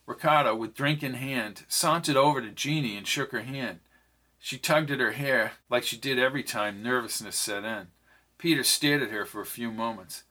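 An audiobook narrator reads a novel aloud in scripted narration, voicing every character's dialogue in his own voice. His pitch sits mid-range, his speed is normal, and his tone is sharp.

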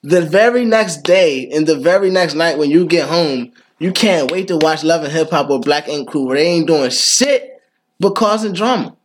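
A man's voice: fairly high pitch, animated, moderate pace, slight background noise. A young man co-hosting a casual podcast chat, talkative and laughing often. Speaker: podcast co-host.

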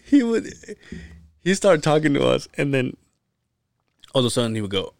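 Man, casual storytelling, profane, laughing often, swooping pitch. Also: normal speed, vocal fry, no room sound, studio quality. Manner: animated, profane, laughs often while telling stories. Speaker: podcast co-host.

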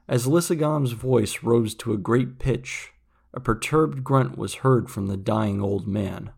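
Gravelly male storybook narrator. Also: mid-range voice, takes it slowly, darkish tone.

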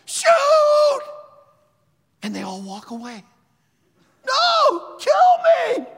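A man in his sixties preaching a sermon, telling a story in a dramatic, animated way. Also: on the high side, breathy edge, in a large hall.

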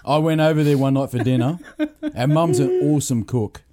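A man, telling family stories to podcast co-hosts in an animated, swearing, laughing manner. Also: medium pitch, a little fast, noisy background. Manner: animated, profane, laughing storyteller. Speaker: podcast host. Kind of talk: casual storytelling chat.

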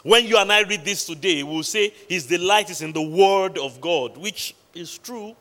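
A man preaching a midweek sermon, with emphatic pauses, quoting scripture and repeatedly questioning the congregation. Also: high-pitched, sharp tone. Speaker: pastor. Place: large church hall. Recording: long hall reverb.

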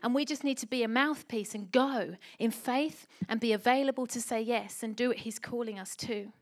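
Middle-aged woman preaching, kinda high voice, emphatic and animated, lots of rhetorical questions. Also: moderate pace. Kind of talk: sermon.

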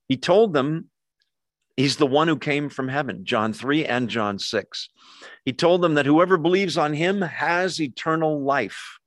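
A male pastor teaching scripture in a relaxed, conversational way, checking in with the audience as he goes. His voice sits in a middle pitch and sounds close and dry, with no room echo. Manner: conversational, asks the audience questions. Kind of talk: sermon teaching.

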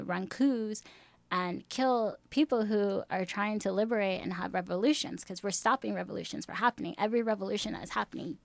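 A woman's voice: medium pitch, vocal fry, no echo. A woman panelist talking casually, heavy on "like" and "you know" fillers.

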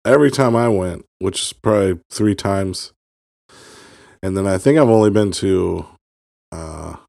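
A man co-hosting a podcast, talking in a relaxed, easygoing way and hedging his points. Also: low voice, measured pace, gravelly, dry recording, clean studio sound. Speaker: podcast co-host. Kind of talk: casual chat.

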